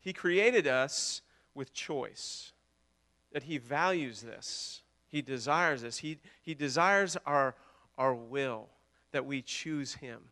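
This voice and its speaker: A man preaching a sermon with passion, repeating words and swinging between loud declarations and hushed lines. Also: medium pitch, slow pace. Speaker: pastor.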